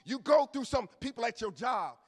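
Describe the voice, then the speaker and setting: A male pastor preaching a sermon, moving from low murmurs to shouted peaks, with casual asides and call-and-response to the congregation. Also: animated, moderate pace. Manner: colloquial preaching with church asides. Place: church sanctuary. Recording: long reverb of a church hall.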